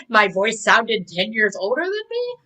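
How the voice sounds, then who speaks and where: A woman's voice: on the high side, very animated, takes it slowly, pushed and bright, low-quality recording. A middle-aged woman, a communication coach, giving a live online talk in a conversational, reflective way with personal stories.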